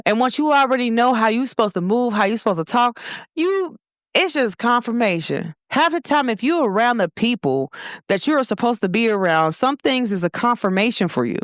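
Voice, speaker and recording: A woman hosting her own show, talking in an expressive, animated motivational monologue. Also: fairly high pitch, brisk, no echo, clean studio sound. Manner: expressive, animated storytelling with laughs and quoted voices. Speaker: show host.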